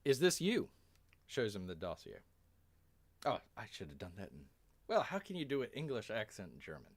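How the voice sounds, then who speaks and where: A man's voice: lowish voice, huge pitch swings, a little fast. Rambling man reading a story live. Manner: rambling, many fillers, talks of himself as Bear. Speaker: storyteller and streamer. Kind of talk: casual live-stream storytelling.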